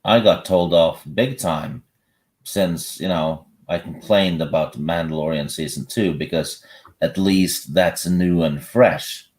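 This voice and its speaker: A man's voice: sits low, unhurried, a little mellow. A man co-hosting a casual live-stream chat, blunt and dry, hesitating with many fillers. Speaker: podcast co-host.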